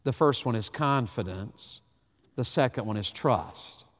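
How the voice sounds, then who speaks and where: A man, preaching a sermon, swinging from hushed to loud. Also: mid-range voice, unhurried. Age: 50s. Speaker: pastor. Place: large church hall. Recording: long hall reverb.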